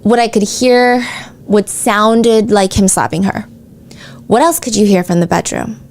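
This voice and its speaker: A woman's voice: mid-range voice, unhurried, a little mellow. Chatty woman narrating court testimony. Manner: casual, chatty asides full of "like". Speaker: podcast host. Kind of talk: true-crime narration reading out court testimony.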